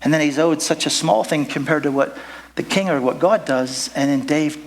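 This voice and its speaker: Guy pastor giving a sermon, rambly and jokey, kinda high voice, bit of hiss. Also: moderate pace. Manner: rambling, jokey, with asides and self-interruptions. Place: church service.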